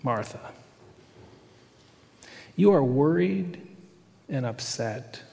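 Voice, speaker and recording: A man voicing a gentle, patient male teacher who speaks softly and warmly. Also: medium pitch, fairly even intonation, long reverb tail. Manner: soft, warm, slow.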